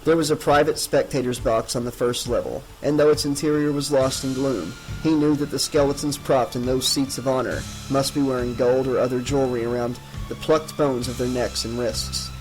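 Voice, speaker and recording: A man narrating a horror novel as an audiobook in a measured, dramatic reading. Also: medium pitch, steady tone, soft background music, poor audio.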